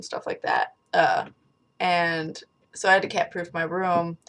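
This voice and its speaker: Young woman vlogger, rambly and casual, a touch low-pitched, talking into a webcam in a small bedroom. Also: fairly even intonation, moderate pace, fairly bright tone. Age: young adult. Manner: rambling, chatty, swears casually. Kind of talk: casual chat to camera.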